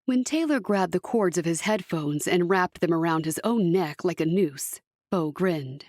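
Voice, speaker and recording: A woman reading an audiobook as narrator, measured storytelling. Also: fairly low pitch, lively intonation, darkish tone, no echo, studio quality. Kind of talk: scripted narration.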